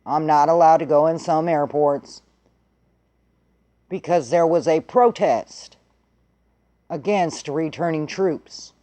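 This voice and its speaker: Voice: mid-range voice, slow, long pauses, mellow. A vlogger telling a story in a blunt, heated way and swearing freely. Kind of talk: casual profane storytelling.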